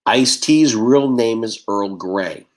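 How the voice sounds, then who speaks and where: A man from Texas, his voice on the low side, does stand-up over a video call. He fires off fast deadpan one-liners and voices the characters in his jokes.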